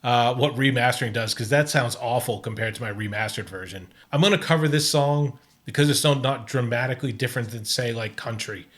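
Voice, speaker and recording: A man's voice: mid-range voice, a bit bright. Hesitant man talking through a test. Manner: halting, many restarts and fillers. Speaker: host testing an AI music tool. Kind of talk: casual screen-recorded commentary.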